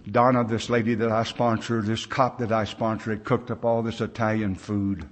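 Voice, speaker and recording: An older American man tells his personal recovery story to a crowd at a large conference gathering, speaking as a recovery meeting speaker. He's a plain-spoken, folksy storyteller who acts out the voices of people in his tale, in a fairly low, level-toned voice at a normal speed.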